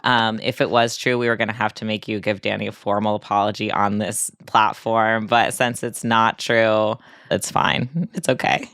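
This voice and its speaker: A woman's voice: extremely low pitch, little pitch movement, normal speed, hardly any pauses, a bit bright, no room sound, clean studio sound. A woman hosting a podcast, reacting playfully in casual chat. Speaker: podcast host.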